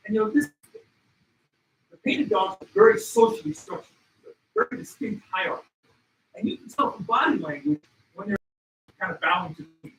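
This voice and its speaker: Brief: bright, high-pitched man, lively storyteller, roomy hall, off-mic. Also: a little fast, pauses often, recorded from a distance. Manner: excitable, shouts at peaks, acts out animals. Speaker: wildlife photographer giving a talk. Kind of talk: animated storytelling presentation. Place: expo hall. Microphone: handheld mic.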